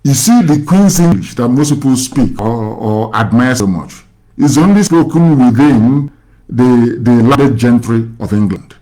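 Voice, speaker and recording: A man from Nigeria leads a casual call-in conversation. He lectures in long stretches and keeps asking his listener whether he knows things. His voice sits at an ordinary middle pitch. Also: expressive, a little slow, warm tone, rough recording. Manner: lecturing, asks rhetorical questions. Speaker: radio host.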